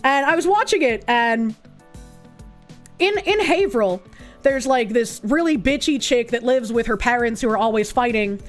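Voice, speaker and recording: A woman's voice: a little high, expressive, normal speed, soft background music. A woman streamer giving blunt, profane, sarcastic commentary in casual chat.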